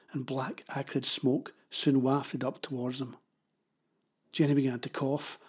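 A man reading a children's story aloud in a steady, dramatic way. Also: fairly high pitch, husky. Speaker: narrator.

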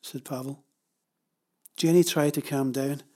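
A man narrating a children's novel in a measured, even storytelling manner. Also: medium pitch. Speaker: audiobook narrator.

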